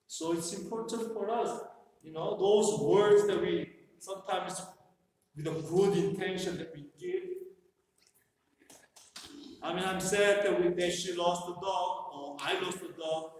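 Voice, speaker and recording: A man's voice: sits high, measured pace, darkish tone. A man presenting a workshop to a live group, talking in a conversational, joking way with many "you know" fillers. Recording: echoey hall from far off, faint noise.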